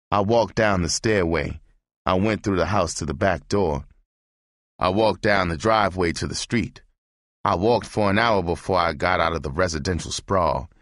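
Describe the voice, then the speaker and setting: A man narrating a novel as an audiobook reading, in a measured, steady way. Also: deep voice, dry recording, studio quality.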